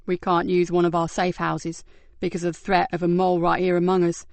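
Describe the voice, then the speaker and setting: A weary, cautious middle-aged male detective, as a woman reading an audiobook puts him on. He speaks quietly in a lowered voice, kind but worried. The recording is dry and close. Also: monotone, a little fast, vocal fry, no room sound.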